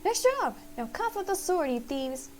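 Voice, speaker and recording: A woman's voice: sits high, animated, a little fast, dark tone, slight background noise. A woman doing a fussy, dramatic little mouse. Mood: triumphant. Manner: theatrical, pleading, self-pitying. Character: small fussy dramatic mouse who lost a sword.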